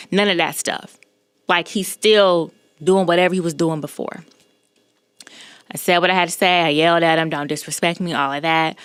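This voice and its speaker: A woman hosting a podcast, telling a personal story in an emphatic, animated way and often checking in with the listener. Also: fairly low pitch, no echo. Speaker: podcast host.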